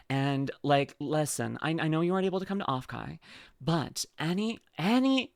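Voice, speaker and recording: A young woman streaming as she reacts to videos, gushing, swearing freely and squealing with excitement. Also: on the low side, fairly quick, dry recording, clean studio sound. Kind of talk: casual live-stream chat.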